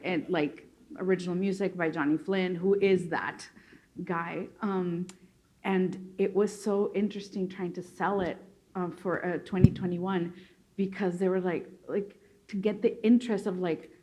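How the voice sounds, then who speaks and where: A woman from Mexico chats on a panel in an animated, laughing way. She restarts her sentences often and fills the gaps with ums and likes. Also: fairly low pitch, a little slow. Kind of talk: casual panel discussion.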